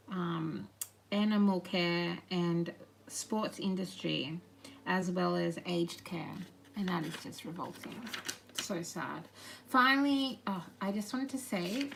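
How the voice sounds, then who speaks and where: A woman relays channeled messages in a halting, drifting way, dropping into murmured asides. Her voice is gravelly, with a lot of vocal fry. A faint hum of noise sits under her voice. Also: medium pitch, rough recording.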